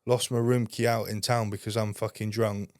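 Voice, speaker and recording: A man's voice: fairly low pitch, flat delivery, moderate pace, darkish tone, dry recording, clean studio sound. A young man, a podcast guest, telling rambling anecdotes in casual talk and swearing heavily. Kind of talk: casual storytelling.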